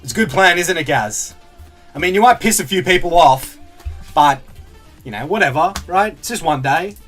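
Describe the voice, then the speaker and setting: A man's voice: a little high, expressive, normal speed, fairly bright tone, soft background music. A man streaming as he opens card packs, chatting casually, reading out viewer comments and laughing often. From Australia. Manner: chatty, laughs a lot, reads out chat comments. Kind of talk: casual live-stream chat.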